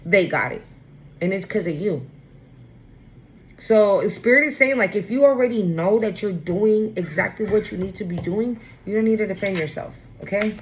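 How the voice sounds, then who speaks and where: A woman's voice: mid-range voice, lo-fi sound. A woman giving a casual spoken tarot reading, talking bluntly with slang and free swearing. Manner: animated, acts out quoted voices. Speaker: tarot reader.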